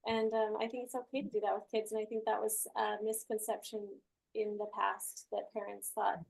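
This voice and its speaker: A woman's voice: mid-range voice, flat delivery, a little fast, gravelly, darkish tone. A woman hosting a group class on a video call, chatting casually and telling a story with lots of laughter. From Utah. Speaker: group coaching class host.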